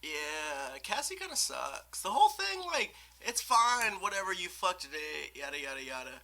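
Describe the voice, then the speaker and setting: A man's voice: high voice, big pitch swings, normal speed, vocal fry, pushed and bright. A man from Texas, a podcast guest, chatting casually, swearing freely and laughing often. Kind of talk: casual chat.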